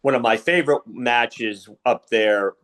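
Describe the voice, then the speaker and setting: In a mid-range, slightly bright voice at a measured pace, a middle-aged wrestling referee shares stories on a podcast. The casual interview finds him rambling, full of fillers and reenacted conversations.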